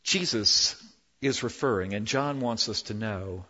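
A man preaching a sermon as pastor, animated, swinging between loud emphasis and hushed, slow lines. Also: lowish voice, slightly rough. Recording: dull lo-fi with long hall reverb.

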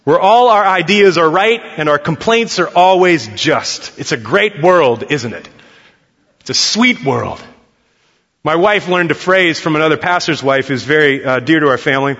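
A pastor in his thirties preaches a sermon in a fairly high, slightly bright voice at a moderate pace. He's earnest and conversational, prompting the congregation to respond, and the recording sounds dull with a long hall reverb.

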